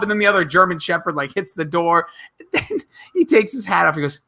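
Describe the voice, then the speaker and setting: Animated high-voiced man on a podcast. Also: quick pace. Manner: animated, acts out sketch lines in put-on voices. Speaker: podcast co-host. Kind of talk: casual podcast chat.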